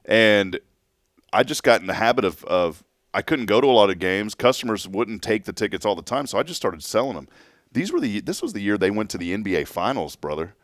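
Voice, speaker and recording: A man co-hosting a talk show, telling anecdotes in an animated way and laughing often. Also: on the low side, fairly quick, no room sound, studio quality. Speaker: radio show co-host. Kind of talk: casual on-air chat.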